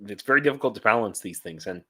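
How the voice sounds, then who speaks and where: A man talking casually on his vlog, halting and rambling with many restarts, tired and dehydrated, blunt and ranty. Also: lowish voice, lively intonation, bright, forceful tone, breathy edge, no room sound, clean studio sound. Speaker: YouTuber and volunteer in Ukraine.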